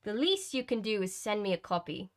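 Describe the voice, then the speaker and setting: A woman's voice: medium pitch, big pitch swings, a little fast, lightly acted. A woman reading aloud and voicing a poised upper-class young woman in a put-on upper-class British accent, sweet and proper.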